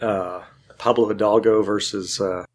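A man's voice: lowish voice, measured pace. A man in casual chat, telling a long story and acting out what other people said. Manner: animated storyteller, acts out quotes.

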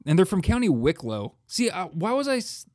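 A man's voice: a little high, darkish tone. A man from the United States co-hosting a casual chat show, joking, swearing and mocking himself. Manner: self-mocking, profane, joking. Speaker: podcast co-host.

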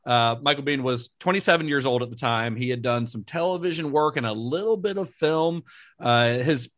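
A man co-hosting a casual film podcast, relaxed and laughing often as he recounts trivia he researched. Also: medium pitch, moderate pace. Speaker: podcast co-host.

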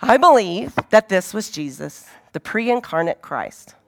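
Lively conversational woman teaching scripture. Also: medium pitch, unhurried, creaky. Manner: conversational, animated, asks rhetorical questions. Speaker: Bible teacher. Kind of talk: informal Bible teaching.

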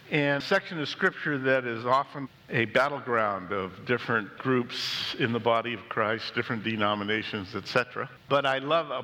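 A pastor preaches with a bright, forward tone that carries well. His words trail off into a long hall echo. He reads scripture and tells stories with lively swings between loud and hushed. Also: medium pitch. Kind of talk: sermon with storytelling.

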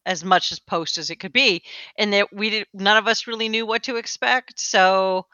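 A woman co-hosting a gaming podcast in casual chat, expressive and playfully dramatic. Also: medium pitch, normal speed, no room sound, lo-fi sound. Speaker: podcast co-host.

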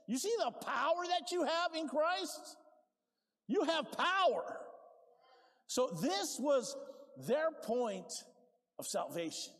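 A man preaching a sermon with lively swings from quiet to loud, asking for amens. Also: very high-pitched, slow pace, in a large hall.

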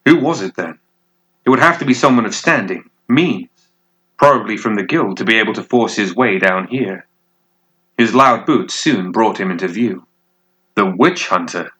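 A man narrating a dark fantasy story in a measured, deliberate way. His voice sits low, yet the tone is bright and forceful. He lingers on key phrases. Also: animated. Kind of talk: scripted fiction narration.

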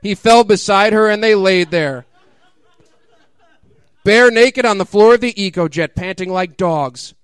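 A man's voice: high voice, unhurried, clear, resonant tone, dry recording, some chatter behind. A man giving a mock-dramatic comic reading of crude fiction, often laughing and breaking into incredulous asides. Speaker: comedic reader.

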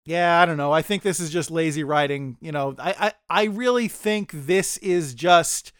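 A man with a slightly high, somewhat bright, clean-toned voice co-hosts a casual podcast discussion at normal speed, recorded in clean studio sound with no room sound. He rambles and often stammers as he restarts his sentences.

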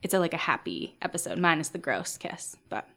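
A woman's voice: fairly low pitch, big pitch swings, brisk, sharp tone. A woman podcast host recapping a sitcom episode in casual, chatty talk full of fillers. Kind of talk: casual chat.

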